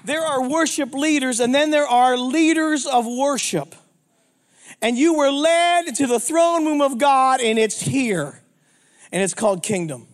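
A man in his fifties from Pittsburgh, preaching an energetic, joking sermon as a traveling minister, often throwing questions to the congregation. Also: very high-pitched, a little slow. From Pittsburgh, United States.

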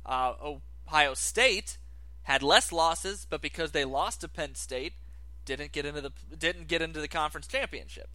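A man's voice: a little high, normal speed, pushed and bright, no echo. A man co-hosting a casual sports talk show, arguing his points step by step. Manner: argumentative, lays out cases step by step.

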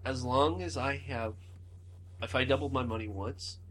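A man's voice: medium pitch, normal speed, fairly bright tone, soft background music. A man chatting casually and easily, with hesitant "uh" and "um" fillers. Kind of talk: casual chat.

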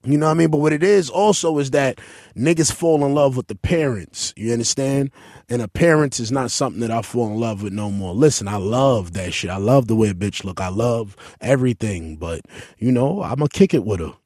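Loud-mouthed guy cussing through stories, voice jumps way up when he gets going, dry sound. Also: brisk, dry recording. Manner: brash, profane, animated storytelling with sudden high-pitched outbursts. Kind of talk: casual chat.

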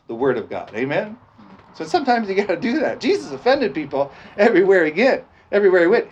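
Man preaching, asking "amen?" constantly. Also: on the high side. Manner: repeats "amen?" as call for response, laughs often. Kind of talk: sermon. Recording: dull lo-fi sound with faint noise.

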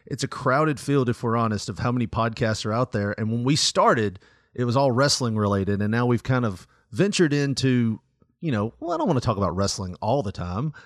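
A man's voice: mid-range voice, big pitch swings, fairly quick, no room sound. Rambling male podcast host, dry mic. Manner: loose, rambling, laughs often. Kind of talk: casual podcast chat.

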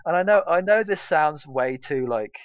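A man's voice: on the high side, animated, moderate pace, clear, resonant tone, no echo, muffled recording. A British man co-hosting a casual gaming podcast, rambling with lots of fillers. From Britain. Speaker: podcast co-host. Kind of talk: casual chat.

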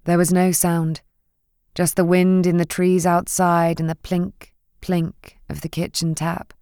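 A woman narrating a novel in a measured, gentle reading. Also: on the low side, level tone, smooth, dry recording, clean studio sound. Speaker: audiobook narrator. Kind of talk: scripted narration.

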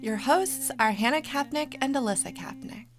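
A woman's voice: high voice, expressive, moderate pace, faint music behind. A woman co-hosting a podcast, narrating a documentary story in a descriptive, storytelling way. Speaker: podcast co-host.

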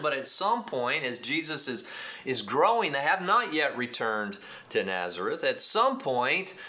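A man with a Texas accent preaching a sermon, teaching in an animated, emphatic way with frequent restarts and asides to the congregation. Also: fairly high pitch. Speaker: pastor.

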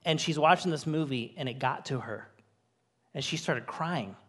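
A man in his forties who serves as co-lead pastor delivers a sermon before his congregation on a church stage. His voice is a little high, a bit bright and husky, at a normal speed, as he tells heartfelt personal stories with building emphasis.

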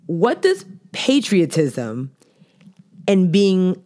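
Low-voiced woman in slangy banter. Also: extremely slow. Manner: animated, laughing, slangy banter. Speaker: podcast co-host. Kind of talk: casual chat.

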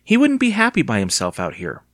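A man narrating an audiobook in an expressive, dramatic storytelling manner. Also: a little high, a little fast, dry recording, clean studio sound. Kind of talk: audiobook reading.

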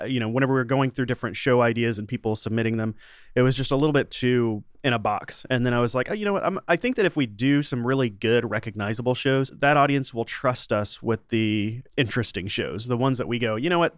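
A man's voice: mid-range voice, dry recording, studio quality. A middle-aged man talking casually as an interview guest, rambling with many restarts and fillers. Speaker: podcast host and sound designer, interview guest.

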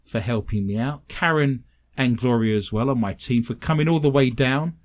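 A man's voice: mid-range voice, moderate pace. A man with a British English accent, a paranormal investigator telling self-mocking stories on a talk show. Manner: animated, self-mocking anecdotes. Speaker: paranormal investigator and medium, guest. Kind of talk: casual storytelling on a talk show.

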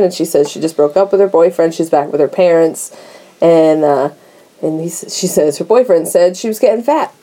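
A woman co-hosting a movie podcast, recapping scenes in casual chat with quick asides and frequent laughs. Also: fairly low pitch, mellow. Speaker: podcast co-host recapping a film.

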